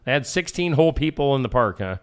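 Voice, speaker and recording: Hosting a casual morning radio show, a man reads odd news stories jokingly and slips into silly voices, keeping the banter light. He talks fast and animatedly at a medium pitch, with a clean tone.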